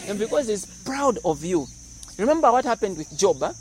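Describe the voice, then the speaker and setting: A man preaching a sermon, animated and humorous as he explains scripture. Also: sits high, brisk, a little hiss or hum, low-quality recording. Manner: animated, explains verses with humor and acted-out voices. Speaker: pastor.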